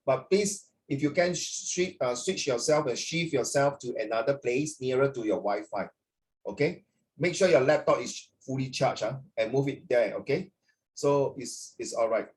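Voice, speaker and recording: A man teaching an online class as a tutor, talking in a rambling, animated way full of fillers, heard over a video call. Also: medium pitch, normal speed.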